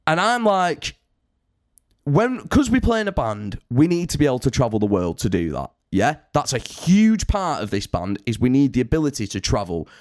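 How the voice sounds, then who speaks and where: Brief: young male storyteller, lively up-and-down delivery, swears a lot, dry close sound. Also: medium pitch, normal speed, no echo. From United Kingdom. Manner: animated, sweary, rambling. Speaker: touring band musician telling a story. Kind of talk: casual podcast storytelling.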